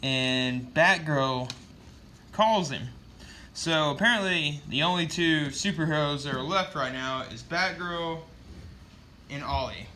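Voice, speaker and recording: A man's voice: fairly high pitch, takes it slowly, pushed and bright, a little hiss or hum. A man casually recapping a comic book issue with loose, profane storytelling and lots of fillers.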